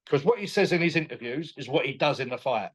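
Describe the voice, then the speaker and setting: A man, a boxing promoter chatting as a guest in an interview, animated and quick to laugh. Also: fairly high pitch, breathy edge. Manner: animated, enthusiastic, laughs often, retells dialogue. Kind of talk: casual interview chat.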